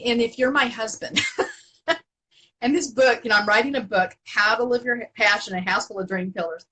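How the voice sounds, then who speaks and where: A middle-aged woman telling stories as an interview guest, animated and laughing often, with many restarts. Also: fairly high pitch, breathy edge, poor audio. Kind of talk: casual storytelling in an interview.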